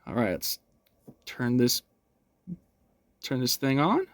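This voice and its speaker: At a slow pace, this young gaming channel host walks through a game, explaining each move in an easygoing, upbeat tone. His pitch roams up and down, and the feel is casual and laid-back, like a chat with viewers from his home.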